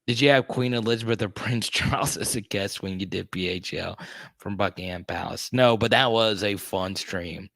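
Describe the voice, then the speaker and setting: A man hosting a casual livestream, chatting with viewers and greeting them by name with bursts of excitement. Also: on the low side, moderate pace, vocal fry, dry recording, clean studio sound. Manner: excitable, greets chatters loudly, many restarts. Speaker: host.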